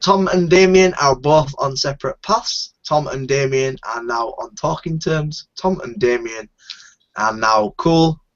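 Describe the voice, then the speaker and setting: A man's voice: mid-range voice, a little slow. A man from northern England, host of a casual live group chat, talking bluntly and swearing freely. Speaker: show host. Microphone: video call. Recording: dull lo-fi online call audio.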